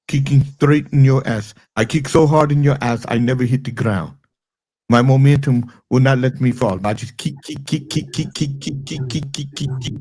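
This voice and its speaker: A man's voice: mid-range voice, darkish tone, breathy edge. A man voicing a blustering foreign strongman in a mock Russian accent, making comic threats in broken English during an impression skit.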